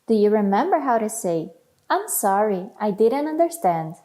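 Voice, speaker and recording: A woman teaching a language lesson, saying each phrase slowly and clearly, then repeating it for learners. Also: medium pitch, sing-song, background noise.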